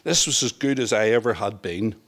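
A man's voice: fairly low pitch, fairly quick, fairly bright tone. A man from Northern Ireland reading his own memoir aloud in a wry, reflective storytelling manner. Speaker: narrator. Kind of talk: first-person memoir reading.

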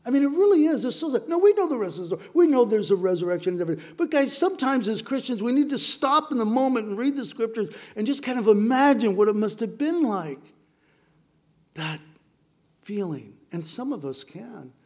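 A man's voice: high voice, animated, brisk, darkish tone. A middle-aged man preaching a sermon, telling the story with playful asides to the congregation. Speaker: pastor.

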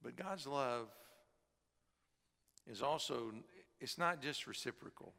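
A middle-aged man preaching a sermon as pastor, earnest, swinging from emphatic high peaks to quiet low drops. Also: slow pace, vocal fry. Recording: long hall reverb.

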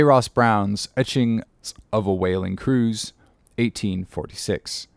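A man narrating an audiobook in a measured, formal reading manner. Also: fairly low pitch, creaky, no room sound, studio quality.

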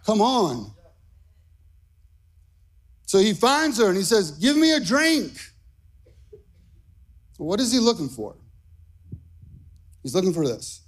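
A pastor preaching a sermon, his voice climbing into shouted, half-sung phrases. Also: on the high side.

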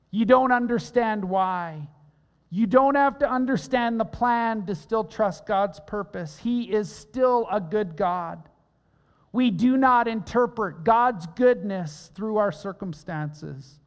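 A pastor preaching a sermon in an earnest, emphatic way, repeating key phrases for weight. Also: male voice, high voice. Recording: long reverb of a large hall.

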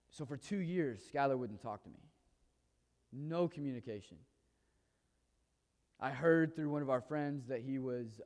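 A man with a mid-pitched voice tells a personal story in an easy, conversational way. He brings the quoted dialogue to life with animated delivery, and his voice rings out with a long hall reverb. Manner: lively, acts out quoted dialogue. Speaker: speaker telling a personal story.

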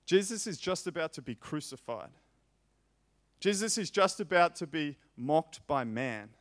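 This preacher has a fairly high voice with lively intonation. Reading scripture in a slow, impassioned sermon, he repeats phrases with mounting force until they ring out loudly.

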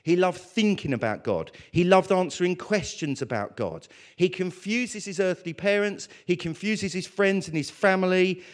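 A male preacher delivering a sermon, his voice sitting a little high and swinging widely in pitch. He keeps it animated, stepping into prayers and bits of dialogue as he explains scripture.

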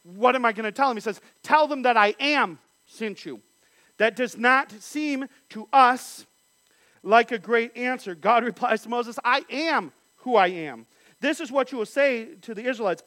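A man's voice: very high-pitched, a bit bright, dry recording. A man teaching a Bible study, reading scripture passages aloud and then explaining them.

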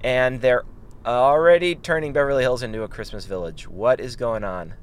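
A man's voice: medium pitch, smooth. A man co-hosting a podcast in casual, teasing chat while driving, talking into a studio dynamic mic in his car. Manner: teasing, quick to joke. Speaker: podcast co-host.

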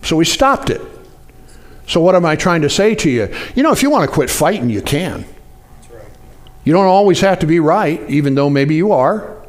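A man preaching a sermon in a conversational way, often asking the congregation to respond. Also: moderate pace. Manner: animated, jumps up in pitch for acted-out quotes. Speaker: pastor.

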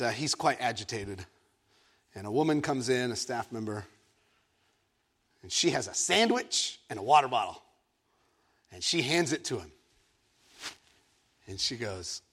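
A man from Egypt preaching a sermon, telling a story in an animated, playful way with self-mocking asides. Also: medium pitch. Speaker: pastor.

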